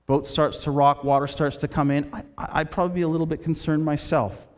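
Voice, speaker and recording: Pastor guy preaching, a bit high-pitched, big echoey hall, storytelling, goes quiet for the quotes. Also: flat delivery, quick pace. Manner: storytelling with quoted voices, shifting between loud and hushed. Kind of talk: sermon.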